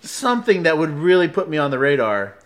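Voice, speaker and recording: A man in a casual chat, telling a story in an animated way, laughing often and acting out quoted lines. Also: on the high side, fairly quick.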